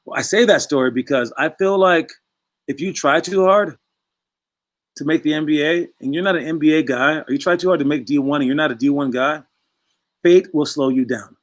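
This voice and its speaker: Young male basketball coach, slightly high voice, loose and chatty, drifts into stories. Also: a little fast. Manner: chatty, rambling, acts out voices in quotes. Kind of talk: casual coaching talk to players.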